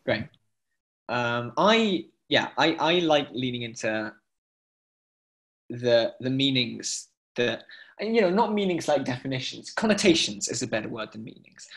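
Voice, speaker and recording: Enthusiastic man teaching chant online. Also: mid-range voice. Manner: enthusiastic, breaks into sung chant examples.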